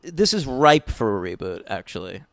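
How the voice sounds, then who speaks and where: Male podcast co-host, casual and profane, clear resonant tone, dry mic. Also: mid-range voice, sing-song, normal speed, no room sound. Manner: blunt, profane, joking. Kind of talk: casual film podcast chat.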